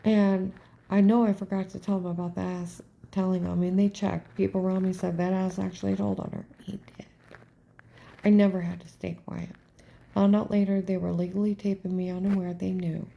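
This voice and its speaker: A woman's voice: mid-range voice, level tone, a little fast, vocal fry, mellow. A woman telling a personal story in a rambling, emphatic way, often dropping to a whisper. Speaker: storyteller recounting events.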